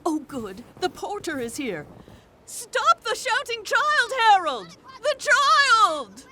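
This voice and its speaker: Fussy prim lady, bright, slow, swooping. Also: high voice, huge pitch swings, slight background noise, exaggerated voice. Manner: prim, disapproving.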